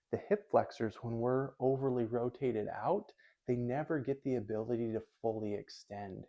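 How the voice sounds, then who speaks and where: Male physical therapist, mid pitch, mellow and warm, steady instructive delivery, a bit muffled. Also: vocal fry. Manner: calm, methodical, thinks aloud. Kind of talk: explanatory lesson.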